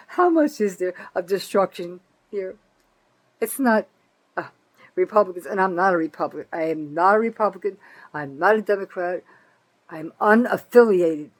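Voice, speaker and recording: A woman in her seventies ranting angrily in a political monologue, profane and accusatory, repeating points for emphasis. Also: mid-range voice. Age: 70s. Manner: emphatic, repeats herself for stress. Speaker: citizen vlogger.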